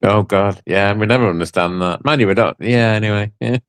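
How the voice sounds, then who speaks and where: A man's voice: fairly low pitch, brisk, smooth, no echo. A man chatting as a guest on a livestream, joking, teasing the host and laughing often. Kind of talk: casual chat on a livestream.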